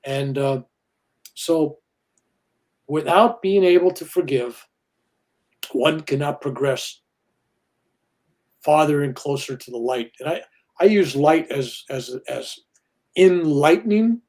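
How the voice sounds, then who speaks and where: A man's voice: medium pitch, takes it slowly, pauses often, darkish tone. An older man, a minister and guest, talking earnestly about spirituality and acting out quoted voices as he tells stories. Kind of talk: spiritual interview talk.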